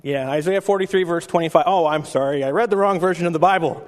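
A man with a somewhat high voice delivers a sermon, moving easily between chatty asides to his congregation and solemn readings from scripture. His voice rings out with a long hall reverb, as if recorded in a church sanctuary. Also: fast talker, few pauses. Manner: conversational preaching with scripture reading. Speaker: pastor.

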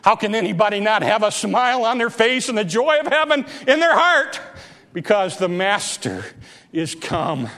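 A male preacher delivering a dramatic sermon, building to shouts and repeating phrases for emphasis. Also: high-pitched, very animated, normal speed, long reverb tail.

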